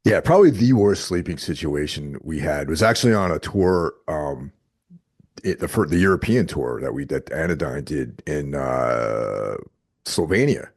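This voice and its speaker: Deep-voiced guy chatting on a podcast, swapping tour stories, acts out what he said back then. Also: normal speed, husky. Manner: storytelling, animated quoted asides. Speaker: podcast guest. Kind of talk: casual chat.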